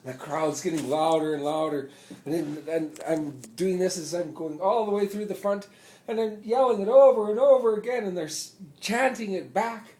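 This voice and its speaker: A man, telling a rambling story to a phone camera in a casual, drawn-out way. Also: fairly high pitch. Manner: rambling, slow, drawn-out delivery; loud and excited when reenacting chants. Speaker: vlogger.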